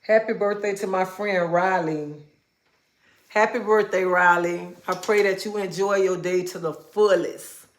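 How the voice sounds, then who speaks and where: Casting note: middle-aged woman, livestream host, animated storyteller, mid pitch, roomy echo. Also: a little slow. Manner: animated storytelling with Southern-style speech. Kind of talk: casual livestream chat. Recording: echoey room.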